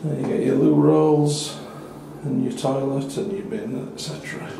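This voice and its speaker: A man's creaky, medium-pitched voice proceeds a little slowly through a walkthrough of a small hotel room for a travel review. He keeps it chatty and wry with dry asides, and the audio carries small-room echo and faint noise.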